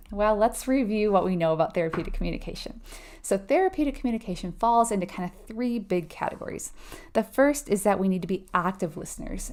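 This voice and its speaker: A woman's voice: mid-range voice, darkish tone. A woman tutoring nursing students through an exam question, casual and conversational, often checking in with "right?". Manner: acts out short quoted replies with a laugh.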